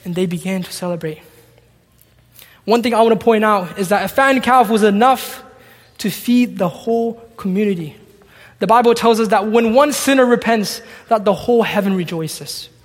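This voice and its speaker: Reading scripture aloud during a sermon, this high-voiced preacher explains the text and performs the dialogue, his words carrying a big-room echo.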